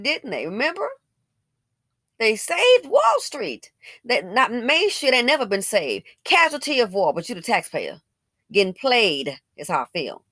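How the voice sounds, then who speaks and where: A woman's voice: a little high, a bit bright, dry recording, clean studio sound. A woman giving opinionated commentary, blunt and colloquial, who repeats phrases for emphasis and fires off rhetorical questions.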